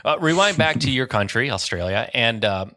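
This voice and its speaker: A man's voice: medium pitch, expressive, brisk, pushed and bright, no echo. Chatty male podcast host, dry sound. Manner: upbeat, chatty, frequent fillers. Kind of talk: podcast intro and interview.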